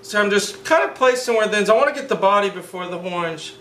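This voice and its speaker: A man hosting a drawing tutorial from home, talking in an excitable, rambling, hyper way. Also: high-pitched, brisk, slight background noise. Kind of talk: casual drawing lesson. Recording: echoey room.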